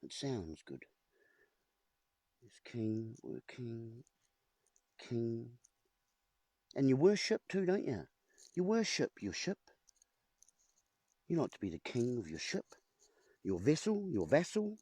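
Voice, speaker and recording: Playful punning man, lively pitch. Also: slow, long pauses, breathy edge, no echo, studio quality. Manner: playful, punning, addresses viewers as folks. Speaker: video host. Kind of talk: rambling wordplay monologue to camera. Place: at home with a whiteboard. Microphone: camera in front of him.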